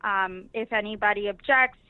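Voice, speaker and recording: A woman's voice: mid-range voice, normal speed. A woman guest casually recounting events, chatty, with many fillers. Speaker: interview guest, activist delegate. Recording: tinny phone-line sound.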